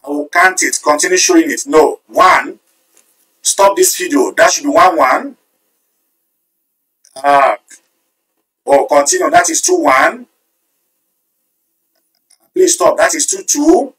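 A man hosting a live stream, reading viewer comments aloud and tallying their votes in an animated way. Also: high-pitched, slow pace, vocal fry, pauses often, distant mic, low-quality recording. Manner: animated, switching between Yoruba and English, counting votes aloud. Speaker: livestream host.

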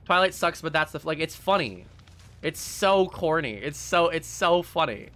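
A man's voice: a little high, animated, normal speed, a bit bright, slight background noise. A young man streaming a game live, casually ranting and swearing, laughing at himself between rants. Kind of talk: casual live-stream chat while gaming.

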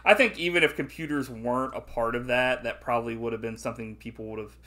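A man chatting casually about a movie with a very bright, ringing voice. He talks loosely, swears freely and laughs often, like a podcast co-host among friends. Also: mid-range voice, fast talker. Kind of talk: casual movie review chat.

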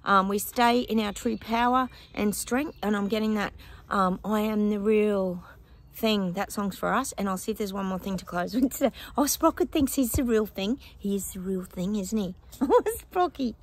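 A woman's voice: medium pitch, moderate pace. A woman chatting casually to her viewers in a rambling way, filming on a handheld phone outdoors in her backyard. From Australia. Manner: chatty and rambling, breaks into snippets of song. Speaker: psychic vlogger.

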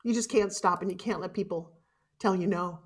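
A woman's voice: on the low side, a little fast, slightly rough. A middle-aged woman giving a heartfelt motivational keynote speech, urging her audience and tearful at times. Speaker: motivational speaker. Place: conference stage.

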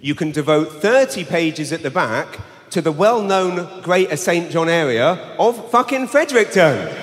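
Brash sweary London comedian. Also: male voice, on the high side, sing-song, unhurried. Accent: London English. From England. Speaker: stand-up comedian. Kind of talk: live stand-up set. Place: large arena, live audience. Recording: live arena with long reverb, faint hum.

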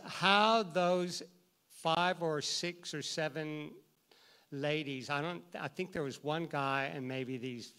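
A man, a teacher, telling a story in a talk, lively and acting out the people in it. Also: on the high side. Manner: animated, acts out every voice in his story. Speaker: teacher and guest speaker.

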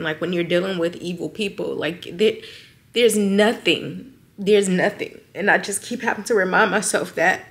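Woman vlogger, unhurried, sighing and hesitant, on the edge of tears. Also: mid-range voice, gravelly, fairly bright tone. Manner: slow, heavy, sighing and hesitant. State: emotional, near tears. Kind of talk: personal vlog confession.

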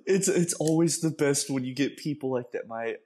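A man's voice: fairly high pitch, moderate pace. A man co-hosting a podcast, telling stories and making dry jokes in casual chat. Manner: animated storyteller, dry jokes. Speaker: podcast co-host.

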